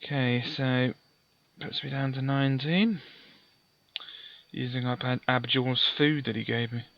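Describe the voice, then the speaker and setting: A man playing through a gamebook, reading its passages aloud and calmly working out dice sums with mild self-deprecating asides. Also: medium pitch, measured pace, muffled recording. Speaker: let's play host. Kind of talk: gamebook playthrough with read-aloud narration.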